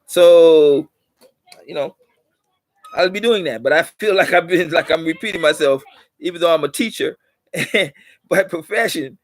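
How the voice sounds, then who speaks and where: Speaking a little slowly with long pauses, this middle-aged channel host has a voice on the high side. He addresses viewers in a preachy, wandering monologue that circles back over its points and perks up to drive them home. There's no echo in the recording.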